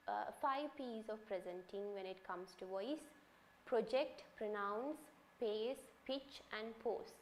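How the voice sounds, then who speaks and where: A woman lecturer explaining presentation skills to students, often checking in with a quick "right?" and restating phrases as she goes. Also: a little high, darkish tone, slight background noise. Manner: instructive, often ends points with a checking "right?". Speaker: university English lecturer.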